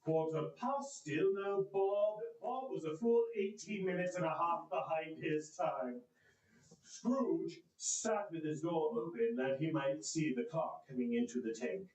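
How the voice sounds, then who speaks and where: A man performing a theatrical one-man telling of a classic tale, animated and swinging his voice to play the characters. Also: a little high, a little slow. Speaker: storyteller. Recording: echoey room.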